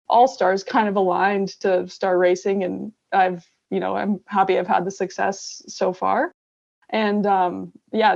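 A young woman from Canada, an athlete answering interview questions in a relaxed, casual way with many fillers. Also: mid-range voice, gravelly. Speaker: interview guest, gravel cyclist. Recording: dull lo-fi sound.

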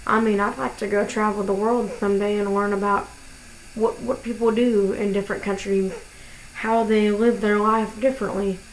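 A woman's voice: medium pitch, flat delivery, normal speed, a little hiss or hum, low-quality recording. A woman from Tennessee with a Southern accent, chatting casually to camera in a rambling way with plenty of fillers. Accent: Southern American. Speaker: vlogger.

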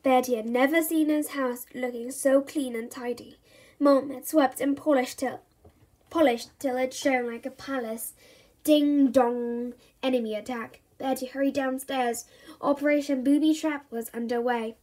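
High-voiced woman reading a story aloud. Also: steady tone, measured pace, darkish tone. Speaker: reader. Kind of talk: reading a children's book aloud.

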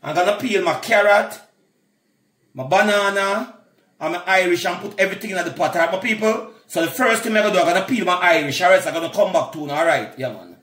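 A man's voice: high-pitched, fast, fairly bright tone, roomy sound. A man with a Jamaican accent chatting casually to his viewers as he cooks and shows his food. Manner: chatty, keeps calling viewers "my people". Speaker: cooking vlogger. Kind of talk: casual cooking vlog.

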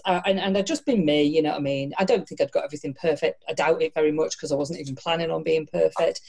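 A middle-aged woman with a Yorkshire accent, a guest in a casual interview, talking frankly, swearing freely and telling animated stories. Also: low voice, a little fast. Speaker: guest entrepreneur.

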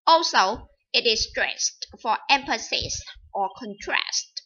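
A woman teaching an English lesson, reading vocabulary items and examples slowly and deliberately. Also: a little high, lively intonation, bright, forceful tone. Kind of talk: recorded vocabulary and pronunciation lesson. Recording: dull lo-fi recording.

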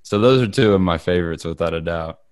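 A man co-hosting a podcast in casual chat, rambling and excitable with many fillers. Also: deep voice, fast talker, dry recording, studio quality. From United States. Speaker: podcast co-host.

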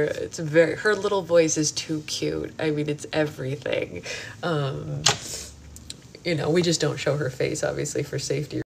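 A chatty woman with a low voice hosts a casual book club stream from home, laughing easily and leaning on "like" as she talks. The phone recording carries a steady air-conditioner hum behind her. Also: moderate pace, vocal fry. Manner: chatty, laughing, lots of "like" fillers. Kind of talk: casual livestream chat. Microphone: phone livestream.

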